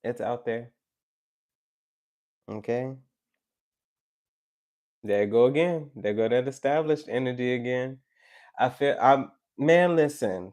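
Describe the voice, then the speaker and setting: A man's voice: mid-range voice, slow, pauses often. A man giving a tarot live stream, talking casually and animatedly to his chat, preachy and joking. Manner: animated, preachy and joking, with teasing asides to viewers.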